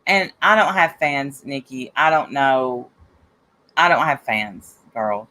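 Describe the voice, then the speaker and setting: A woman's voice: a bass voice, slow, pushed and bright. A woman hosting a live stream, casually retelling an online argument and reading the comments aloud. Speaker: host of a live stream show.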